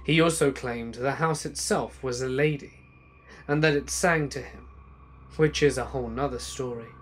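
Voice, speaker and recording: A man reading true scary stories aloud as a narrator, slow and hushed, letting his voice sink low at the ends of lines. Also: slight background noise. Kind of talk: scripted horror narration.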